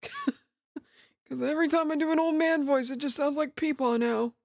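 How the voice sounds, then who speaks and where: A woman's voice: high voice, normal speed, gravelly, a little mellow, no echo, studio quality. A woman streamer chatting casually and giggling often while playing a game. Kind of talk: casual let's play commentary.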